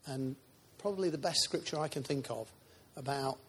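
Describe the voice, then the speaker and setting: A man's voice: mid-range voice, moderate pace, a bit bright, breathy edge. A man preaching a sermon in a church, chatty and informal, with asides to the congregation.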